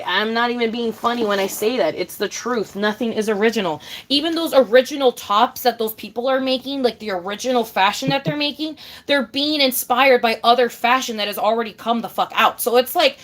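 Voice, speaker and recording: A woman's voice: fairly high pitch, brisk, few pauses. A woman ranting casually to her camera, swearing often, repeating herself for emphasis and calling the listener babe. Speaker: vlogger.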